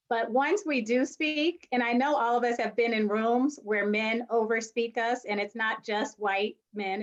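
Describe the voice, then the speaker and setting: A woman speaking as a forum panelist, animated and playful, acting out quoted reactions. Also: on the high side. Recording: dull muffled audio.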